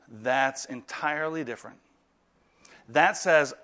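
A male pastor delivering a sermon in a high, bright voice. He swings between soft, hushed moments and louder, emphatic pushes, mixing jokes with earnest appeals. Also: a little slow. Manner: animated preaching, mixing humor with earnest appeals.

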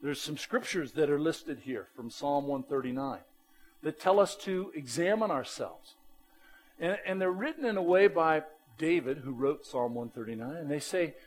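A man preaching a sermon as a pastor, animated and emphatic, with a plain-spoken way of talking. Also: on the high side, moderate pace, soft background music, low-quality recording.

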